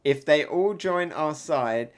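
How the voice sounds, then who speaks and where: A man reading aloud the lines of a brave, determined little girl, slow and plain, close to his own voice. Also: on the high side, animated. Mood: earnest.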